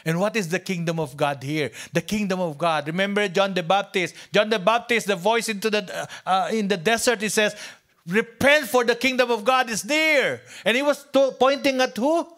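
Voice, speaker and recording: A male pastor with a Filipino accent and a high-sitting voice preaches at normal speed. Hushed, near-whispered moments give way to loud, emphatic lines, and he regularly repeats and restarts what he's saying.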